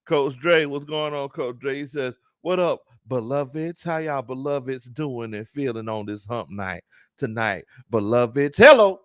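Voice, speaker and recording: A man hosting a live sports talk stream, animated, laughing often and greeting his chat. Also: medium pitch, a little slow, no echo, studio quality. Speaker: sports talk show host.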